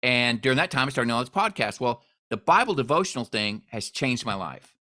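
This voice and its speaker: A man hosting a podcast, chatting casually and telling stories with lively quoted voices. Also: mid-range voice, fairly quick. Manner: storytelling, animated when quoting others. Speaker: podcast host. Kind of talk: casual interview chat.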